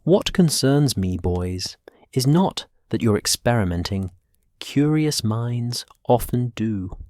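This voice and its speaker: A man's voice: medium pitch, animated, takes it slowly, a little mellow, dry recording, clean studio sound. A man voicing a stern older female Scottish professor with a clipped, cold, commanding manner and a Scottish accent.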